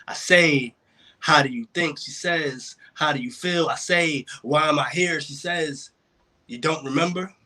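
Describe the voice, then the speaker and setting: Bright-voiced man performing spoken word. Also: fairly high pitch, measured pace. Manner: rhythmic, builds in intensity, uses wordplay. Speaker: open mic poet. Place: home, joining a virtual open mic. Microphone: video call.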